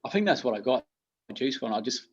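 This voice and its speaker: A man's voice: mid-range voice, very animated, fast talker, slightly rough. British man, dull muffled audio. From United Kingdom. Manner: friendly, self-deprecating, chatty. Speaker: guest teacher. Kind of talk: casual podcast chat.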